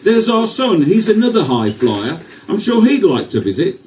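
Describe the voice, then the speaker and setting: A Midlands storyteller with a Brummie lilt, as a man puts it on, carrying rhymed verse along in a higher, sing-song voice. His tone is mellow, and the sound comes from some way off the mic, recorded live in a venue. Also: very animated, normal speed, distant mic, a little hiss or hum, rough recording. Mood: narrating. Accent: put-on Birmingham accent. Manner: lilting, rhythmic verse delivery. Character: Midlands man reading a tender story poem.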